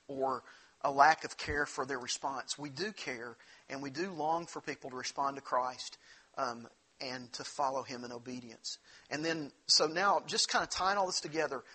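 A man's voice: mid-range voice, pushed and bright, slightly rough. A man preaching a sermon in an earnest, conversational way, often restarting his phrases. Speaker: pastor.

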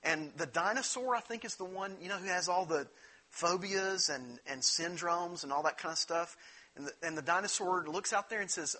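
A man delivering a sermon in an earnest, conversational manner, often circling back to restart a phrase. His voice sits a bit high, with a bright edge and a husky grain. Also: moderate pace. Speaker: pastor.

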